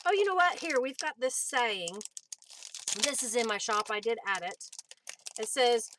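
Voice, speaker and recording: A woman's voice: fairly high pitch, sing-song, unhurried, a bit bright, slight background noise. A woman hosting a crafting livestream, chatting easily and answering viewers by name between laughs. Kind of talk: casual livestream chat while crafting.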